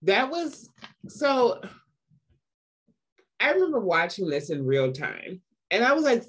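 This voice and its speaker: Expressive, profane podcast co-host with stuffy nose. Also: mid-range voice, slow, long pauses, husky. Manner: expressive, profane, laughs often, acts out quotes. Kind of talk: casual chat recapping a TV series.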